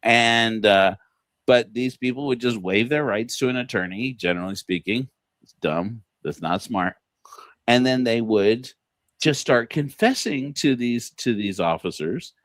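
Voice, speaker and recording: A man's voice: medium pitch, lively intonation, a little slow, fairly bright tone, no echo. A man hosting a casual livestream, rambling with many fillers and restarts and laughing at his own jokes. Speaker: podcast host.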